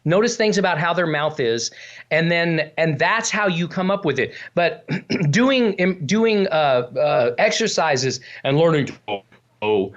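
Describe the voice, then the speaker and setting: A man's voice: on the high side, very animated, unhurried, dull audio. A middle-aged man, a ventriloquist, chatting in an interview over a video call, often dropping into character voices and restarting his sentences. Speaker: ventriloquist guest. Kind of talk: casual interview chat.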